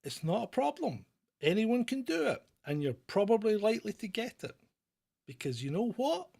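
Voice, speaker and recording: Blunt British man, husky voice. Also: high voice, big pitch swings, normal speed, a little mellow. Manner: blunt, opinionated, rambling with restarts. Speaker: channel host answering viewer questions. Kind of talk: live Q&A chat.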